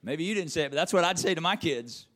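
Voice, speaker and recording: A man's voice: on the high side, animated, quick pace, a bit bright. A male pastor preaching a sermon, emphatic and repetitive, calling on listeners by name. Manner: emphatic, repeats phrases, calls on listeners by name.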